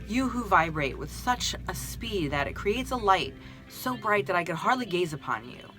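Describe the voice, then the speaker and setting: A woman voicing an innocent, childlike little soul who asks excited, pleading questions in a storybook reading. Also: on the low side.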